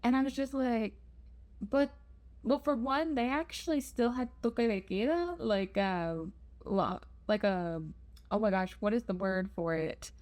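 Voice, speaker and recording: A young woman chats through a travel storytime vlog. Her voice sits a touch high, and her delivery is lively and self-deprecating. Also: measured pace. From United States. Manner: chatty, animated, self-deprecating. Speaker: travel vlogger.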